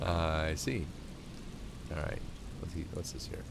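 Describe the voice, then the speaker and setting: A man's voice: rumbling low, steady tone, slow, vocal fry, heavy background noise. A man casually playing a video game, reading its text aloud with chatty asides. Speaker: gamer playing through a game. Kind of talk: casual let's-play commentary and reading aloud. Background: game music.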